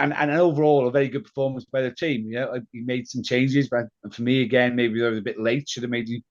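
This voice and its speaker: A man's voice: medium pitch, darkish tone, dull audio. A man co-hosting a casual football podcast, hesitant and chuckling, with many fillers. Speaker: podcast co-host.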